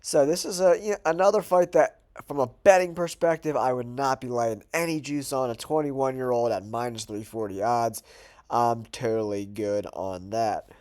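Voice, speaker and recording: A man's voice: mid-range voice, moderate pace, darkish tone. A man hosting his own channel, sounding nasal from a cold, chatting casually through his betting picks and thinking aloud with fillers. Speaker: host. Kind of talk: casual betting predictions monologue.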